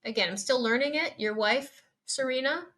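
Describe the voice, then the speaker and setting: A woman's voice: sits high, moderate pace. A woman guest on a podcast, chatting enthusiastically and laughing along. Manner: warm, enthusiastic complimenting, laughs often. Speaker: podcast guest, emergency doctor. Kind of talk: casual interview chat.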